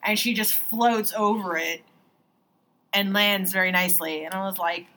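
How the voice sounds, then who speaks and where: Chatty woman with a bright voice. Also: mid-range voice, low-quality recording. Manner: chatty, filler-heavy, lively with quick asides. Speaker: podcast co-host. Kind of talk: casual chat.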